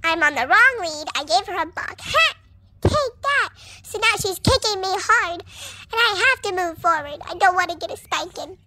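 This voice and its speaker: A woman's voice: extremely high pitch, moderate pace, background noise. A woman voicing a cheeky young mare, a project pony, chatting playfully in a teasing comic voice-over with lots of "like".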